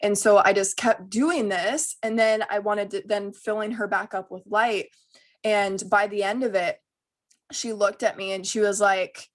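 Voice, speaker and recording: A woman's voice: mid-range voice, fairly even intonation, a little slow. Chatty young woman telling a story. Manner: chatty, laughing, with many ums. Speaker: guest, energy healer. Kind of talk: casual storytelling.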